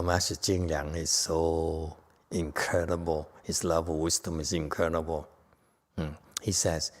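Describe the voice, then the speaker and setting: A man giving a Buddhist dharma lecture in a temple hall, playful and teasing, jumping from loud emphatic lines to quiet asides. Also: deep voice. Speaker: Buddhist teacher.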